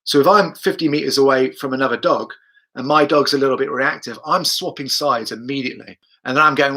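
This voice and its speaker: A man's voice: medium pitch, a little fast, bright, forceful tone, slightly rough. A man, a dog trainer, talking through his methods and answering viewers' questions on a live stream, chatty, repeating himself and speaking the dog's thoughts aloud.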